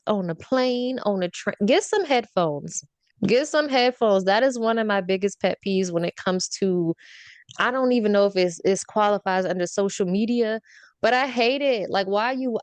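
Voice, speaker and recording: A woman hosts a casual podcast, ranting animatedly about her pet peeves and laughing often. Her pitch sits in an ordinary middle range. The sound is dry and close. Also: clear, resonant tone, no room sound. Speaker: podcast host.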